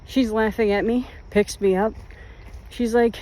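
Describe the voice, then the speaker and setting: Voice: mid-range voice, steady tone, measured pace, warm tone, slight background noise. A vlogger telling rambling, self-mocking stories while out on a walk. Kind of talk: casual storytelling on a walk. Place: outdoors, walking.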